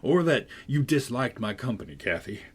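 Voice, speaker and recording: A man voicing Heathcliff, a sullen and brooding teenage farm boy, with a gruff, husky voice in an audiobook. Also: sing-song, normal speed. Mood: resentful. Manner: gruff, sullen, low-spoken. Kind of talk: audiobook character voice.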